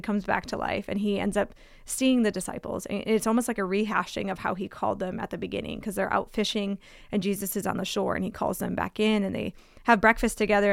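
Woman, relaxed Bible chat, gravelly tone, dry close sound. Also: mid-range voice, dry recording. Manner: conversational, many fillers like "like" and "um". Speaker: Bible discussion speaker. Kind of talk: casual Bible discussion.

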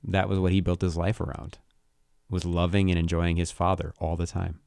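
A man co-hosting a casual faith discussion, talking in a thoughtful, halting way and often restarting his sentences. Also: low voice, little pitch movement, vocal fry, a little mellow, clear, resonant tone, no echo, clean studio sound. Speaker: co-host.

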